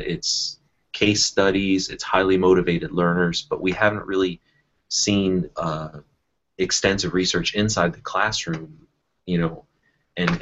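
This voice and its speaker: A man's voice: low-pitched, fairly bright tone, dull audio. A man talking about teaching in a casual online discussion, thinking aloud with many fillers and restarts. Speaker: educator in a panel discussion.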